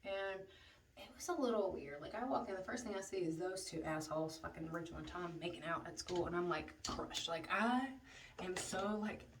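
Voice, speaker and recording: A woman's voice: fairly low pitch, normal speed, recorded from a distance, noisy background. A young woman telling a story in a casual vlog while doing her makeup, chatty and profane, with lots of "like". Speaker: beauty vlogger telling a story.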